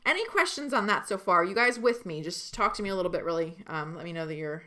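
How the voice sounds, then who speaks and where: A woman's voice: fairly low pitch, expressive, fast, bright, forceful tone. A woman business coach giving a live online training, speaking emphatically and talking directly to her viewers.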